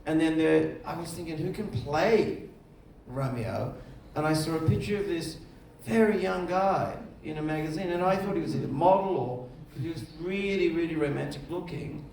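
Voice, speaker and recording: Animated storytelling man on stage. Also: on the high side, moderate pace, creaky, few pauses, a little hiss or hum. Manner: animated storyteller, acts out other voices. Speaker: film director, festival jury head. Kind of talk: on-stage conversation, anecdotal storytelling. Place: festival stage before an audience. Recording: echoey room, mic at a distance.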